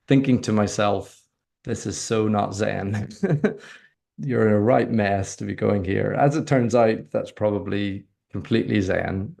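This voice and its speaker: A man, a podcast guest telling a reflective personal story, halting with frequent restarts. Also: on the low side, creaky, a little mellow.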